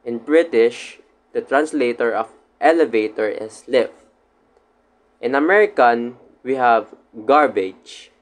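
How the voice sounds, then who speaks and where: Guy presenting a class report, halting read with restarts, first language filipino, mid-pitched voice. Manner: reads haltingly with slips and restarts. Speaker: student presenter.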